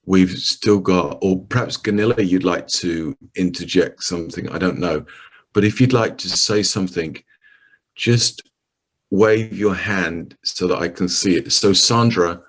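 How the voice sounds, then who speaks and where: A middle-aged man preaching over a video call, telling a story and often restarting his sentences. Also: low-pitched.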